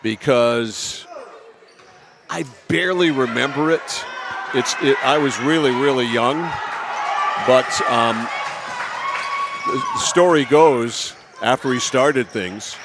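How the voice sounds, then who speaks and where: A man calls a basketball game play by play in a mid-range voice, taking it slowly with long pauses. He's chatty and teases his co-commentator while a loud crowd and gym noise fill the background.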